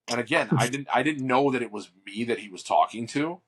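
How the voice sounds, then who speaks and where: A man co-hosting a podcast, telling a long story in a casual, animated way, full of fillers and swearing. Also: medium pitch, moderate pace, slightly rough. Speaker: podcast co-host.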